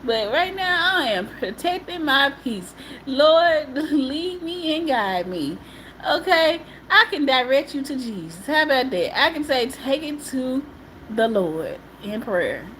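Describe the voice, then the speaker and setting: A woman's voice: high-pitched, sing-song, unhurried, fairly bright tone, slight background noise, low-quality recording. A woman on a livestream giving an emphatic, repetitive monologue in casual colloquial speech, often breaking into laughter. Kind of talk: emotional live-stream monologue.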